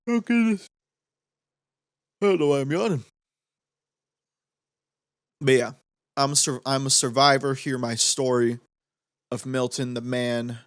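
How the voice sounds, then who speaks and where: A man's voice: medium pitch, normal speed, pauses often, no room sound, studio quality. A young man hosting a podcast in casual, joking chat full of fillers. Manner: rambling, joking, lots of fillers. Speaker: podcast host.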